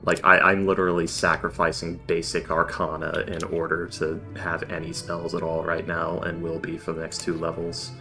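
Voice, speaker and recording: A man's voice: deep voice, monotone, moderate pace, few pauses, pushed and bright, soft background music. A man hosting a tabletop game stream, chatting casually in a wry, rambling way. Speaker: streamer and player.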